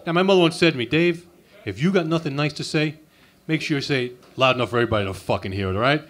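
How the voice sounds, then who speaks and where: A man working an open mic stage with a crude, abrasive insult routine. His voice sits a little high for a man, and he talks sarcastically into a handheld mic. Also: racing, a bit bright. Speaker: stand-up comic. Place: comedy club open mic.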